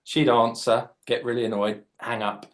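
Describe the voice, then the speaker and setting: This is a children's author, late 40s, doing a live drawing session for kids in a chatty, joking way and explaining as he draws. He talks at a moderate pace with a fairly low pitch.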